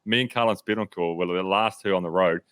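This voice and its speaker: A low-voiced man talks fast about racing in loose, filler-heavy casual chat. The sound is dry and close to the mic. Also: a bit bright, clear, resonant tone, no echo. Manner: quick, breathless storytelling with many fillers. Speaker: professional cyclist.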